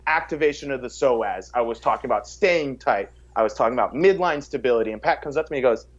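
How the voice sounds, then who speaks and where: An energetic man talks about fitness coaching in a relaxed podcast chat, his voice at an ordinary middle pitch. He often repeats a word before getting a sentence going. The audio is a little dull and muffled. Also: fast talker. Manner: energetic, repeats words when starting sentences; acts out quotes in a raised voice. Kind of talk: casual podcast conversation.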